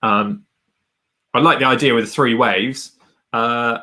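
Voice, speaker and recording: A man's voice: mid-range voice, unhurried. A man hosting a livestream, chatting casually and laughing often as he gives advice. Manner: animated, rambling, laughs often. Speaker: host reviewing a guest's channel.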